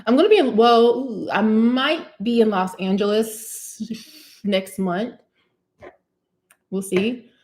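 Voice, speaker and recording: A woman's voice: fairly high pitch, slow, pauses often, darkish tone. A young woman, a cosmetic chemist, chatting casually on a livestream Q&A, reading out comments, repeating herself and laughing often. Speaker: cosmetic chemist hosting a live Q&A.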